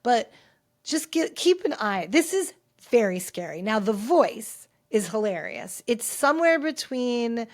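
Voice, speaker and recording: A woman's voice: on the high side, big pitch swings, a little slow. Chatty, candid woman podcast host. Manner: chatty, candid, rambling with restarts. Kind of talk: casual pop culture chat. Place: home filming set.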